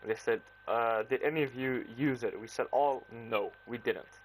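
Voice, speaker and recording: A man's voice: medium pitch, moderate pace, slight background noise, rough recording. Rambling man with an Antwerp accent. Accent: Antwerp Flemish. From Belgium, Antwerp. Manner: rambling, full of "like" and quoted dialogue. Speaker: vlogger. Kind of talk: casual storytime.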